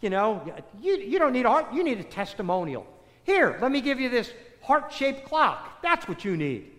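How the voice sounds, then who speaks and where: A preacher putting on a blustering fake wizard, brushing off every wish with an airy, offhand manner. He is high for a man and swoops widely in pitch. It is heard in a big hall with a long echo. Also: very animated, normal speed, a bit bright, full character voice. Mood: dismissive. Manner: dismissive, offhand. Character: blustering male wizard, a humbug. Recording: echoey hall, long reverb.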